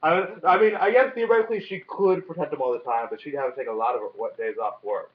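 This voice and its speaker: A young man talks through a casual vlog chat, full of fillers and offhand swearing. His voice sits a little high. The recording is dull and lo-fi. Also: fast. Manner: rambling, swears freely, lots of fillers. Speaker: vlog co-host. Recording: dull lo-fi sound.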